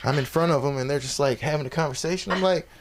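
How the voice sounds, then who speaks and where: High-voiced comic with noisy club crowd. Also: male voice, racing. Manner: loud, shouting when acting out angry parents; profane, conversational storytelling. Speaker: stand-up comic. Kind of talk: open mic stand-up storytelling. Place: comedy club stage. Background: audience reactions.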